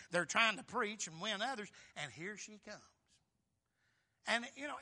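High, bright-voiced preacher man. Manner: folksy, emphatic, swings between loud and soft. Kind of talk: sermon.

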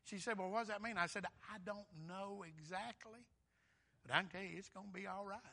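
An older man preaching a sermon, rising to shouts and dropping to a soft, quiet voice for his story. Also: high-pitched, fairly quick, vocal fry. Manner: swells to shouting when excited, drops soft and quiet for personal story.

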